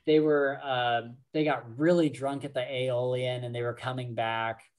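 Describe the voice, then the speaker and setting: A man's voice: medium pitch, level tone, measured pace, clean tone. A man co-hosting a podcast, talking casually about books with many fillers and frequent laughs. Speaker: podcast co-host. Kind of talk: casual book discussion.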